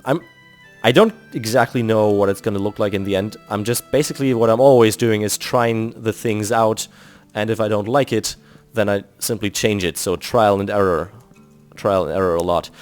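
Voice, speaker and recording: A man from Germany with a German accent, thinking aloud and explaining step by step as he builds in a game. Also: fairly low pitch. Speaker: video game builder host. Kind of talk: casual commentary while building in a game. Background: faint background music.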